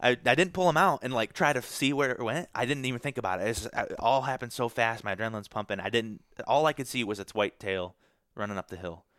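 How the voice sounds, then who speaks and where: A man's voice: mid-range voice, fast, hardly any pauses, fairly bright tone, no room sound, clean studio sound. A young man from Michigan, a podcast guest, telling a hunting story in a casual, rambling way with many fillers and restarts.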